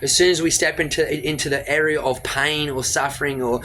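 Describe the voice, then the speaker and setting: A man's voice: on the high side, fairly even intonation, bright, forceful tone, a little hiss or hum. A man giving a blunt, profane motivational rant straight into his phone camera. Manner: blunt, profane, rapid-fire lecturing. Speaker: motivational vlogger.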